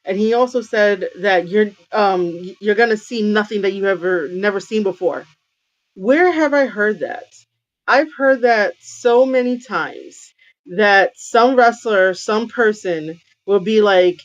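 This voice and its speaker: A woman's voice: mid-range voice, lively intonation, measured pace. Woman ranting casually about wrestling, lots of ums and you knows, kinda muffled audio. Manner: opinionated, many fillers and restarts. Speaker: wrestling commentary host. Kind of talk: casual opinion rant. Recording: dull lo-fi sound.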